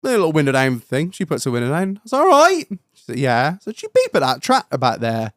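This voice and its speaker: A young British man, a podcast host, telling a story in casual chat, animated, swearing and laughing as he goes. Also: medium pitch, quick pace, no echo, studio quality.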